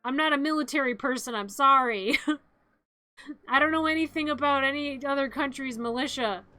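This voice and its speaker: A bright, fairly high streamer voice, chatting casually on a live stream. The delivery is playful and giggly, with growled zombie noises and shrieks acted out along the way. Faint music plays behind. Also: normal speed, dry recording.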